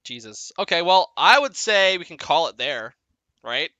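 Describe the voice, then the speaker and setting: A young man narrates a tabletop game as dungeon master and laughs often as he talks. He trails off and restarts his sentences. His voice sounds bright and animated, and it has a smooth, dry close sound. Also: a little high, normal speed, no room sound.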